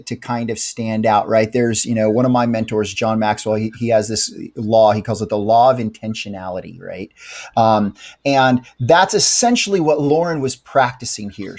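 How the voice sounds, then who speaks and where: A man hosting a live stream interview, emphatic and repeating himself, jumping in with excited interjections. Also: mid-range voice. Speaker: host.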